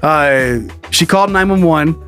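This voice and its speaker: A man's voice: a little high, unhurried, faint music behind. A man co-hosting a comedy podcast, telling stories in casual, profane chat and laughing often. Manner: animated, profane storytelling with frequent laughs. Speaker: podcast co-host.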